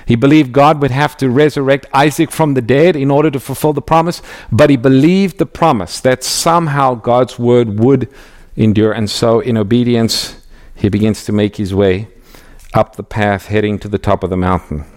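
A man with a mid-range voice teaches through a Bible passage. His delivery is measured and emphatic, and he slows down on key phrases. He reads scripture aloud along the way. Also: medium pitch, fairly even intonation, a little mellow.

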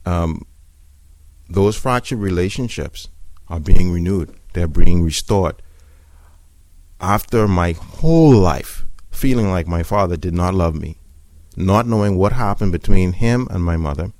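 Man, very low voice, earnest personal testimony, dry close sound. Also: a little mellow, dry recording. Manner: earnest, reflective storytelling. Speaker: church member giving testimony.

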